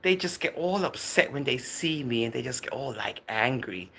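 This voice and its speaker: A woman chatting live on her stream and answering viewer comments in a teasing, easygoing way. Her voice is bright and clear, and her pitch jumps around a great deal as she talks. She calls viewers darling and girl and laughs often. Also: animated, normal speed, slight background noise. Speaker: livestream host. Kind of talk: casual livestream chat, reading out viewer comments.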